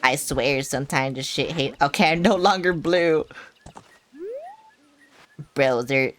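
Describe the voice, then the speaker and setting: A woman's voice: sits low, slow, slight background noise. A woman streamer giving live gameplay commentary, chatty and sarcastic, with frequent swearing and asides to herself.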